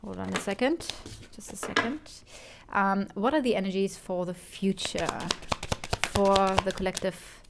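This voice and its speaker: A woman doing a tarot card reading. She talks in a chatty way, corrects herself, and softly repeats her questions while she draws the cards. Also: mid-range voice, normal speed, gravelly, very noisy. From Germany. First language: German. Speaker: tarot reader.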